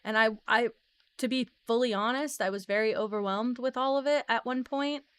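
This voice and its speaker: A woman's voice: on the high side, normal speed, a bit bright, clear, resonant tone, no room sound. A woman streamer chatting casually and earnestly with her viewers, emotional and rambling with many fillers. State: emotional, near tears. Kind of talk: casual live-stream chat.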